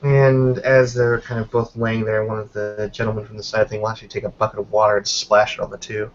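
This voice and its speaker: A man's voice: on the low side, little pitch movement, brisk. A man narrating his character's actions in a tabletop role-playing game, hesitant and full of fillers, on a dull lo-fi recording with faint noise. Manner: hesitant, many fillers and hedges. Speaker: player.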